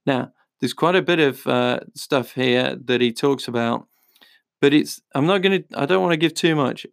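A man's voice: medium pitch, moderate pace, vocal fry, no room sound, clean studio sound. A man talking casually as a podcast host, recommending books in a chatty, rambling way with lots of fillers. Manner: chatty, rambling with fillers, reads blurbs aloud. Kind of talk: casual book-recommendation talk.

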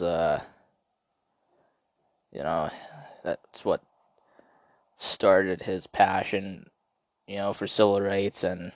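A man hosting a podcast, telling stories in a rambling, profane, excitable way. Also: low voice, no echo. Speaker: podcast host. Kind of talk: casual podcast storytelling.

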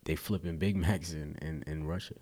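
A man's voice: a bass voice, fairly even intonation, moderate pace, darkish tone, slightly rough. A man hosting a podcast, talking loosely and animatedly in casual chat, with casual swearing. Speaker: podcast host.

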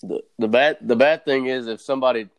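A man's voice: mid-range voice, brisk, no echo, highs cut off. A man with a Southern US drawl chatting casually on a podcast, swearing and sounding incredulous.

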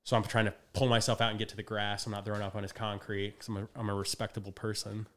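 A man's voice: fairly low pitch, little pitch movement, fast talker, fairly bright tone. A young adult man, a guest in a casual podcast conversation, who tells a story with energy, acts out quotes and laughs often.

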